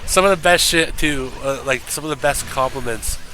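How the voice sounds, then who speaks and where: A man's voice: medium pitch, normal speed, noisy background. A man chatting casually and profanely while streaming a game, rambling and joking with viewers.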